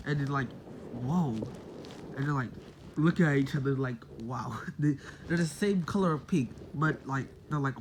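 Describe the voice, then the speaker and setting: A man's voice: fairly high pitch, a little hiss or hum, rough recording. Rambling man telling a story. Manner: rambling, full of "like" and "um", self-correcting. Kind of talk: casual retelling of a made-up crossover story.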